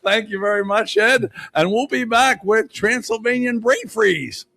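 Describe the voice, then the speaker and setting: A man's voice: high-pitched, measured pace, gravelly, bright, forceful tone. A man hosting a casual podcast, upbeat as he introduces segments. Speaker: podcast host.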